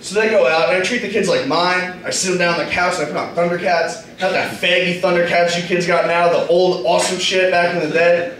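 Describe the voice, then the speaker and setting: A man's voice: high-pitched, fairly even intonation, a little fast, few pauses, fairly bright tone, slight background noise. A young man doing a crude, rambling stand-up set on a small club stage, often interrupting himself. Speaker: stand-up comedian. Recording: echoey club room, distant mic.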